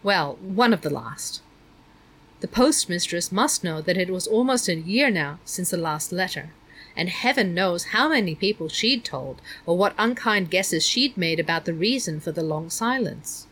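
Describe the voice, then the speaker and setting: A woman narrating a children's novel in a measured, even storytelling manner. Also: lowish voice, breathy edge, rough recording. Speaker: audiobook narrator.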